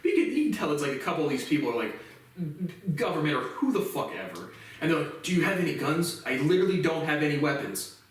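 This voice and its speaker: Agitated male vlogger, profane and repetitive, recorded distant in a boomy room. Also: very animated, fast talker. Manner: agitated, profane, repeats "literally". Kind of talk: ranting monologue to camera. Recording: echoey room, speaker far from mic.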